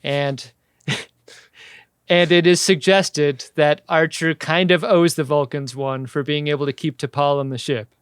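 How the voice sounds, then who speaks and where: Man with a smooth, clear voice. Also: a little high, fairly even intonation, unhurried, no echo, studio quality. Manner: crude, joking, acts out quotes. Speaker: podcast co-host. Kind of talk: casual comedic chat.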